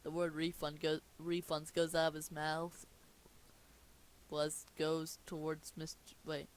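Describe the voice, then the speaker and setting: Unhurried and monotone, a young man with a high-ish voice reads through a cartoon film script just for fun, with slight background noise. He often stumbles and restarts, cutting himself off in amusement to comment on the writing.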